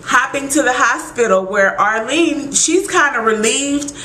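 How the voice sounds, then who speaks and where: A woman recapping a TV episode in casual chat, animated and exclaiming as she acts out her own reactions. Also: sits high, a little slow, echoey room, a little hiss or hum, poor audio.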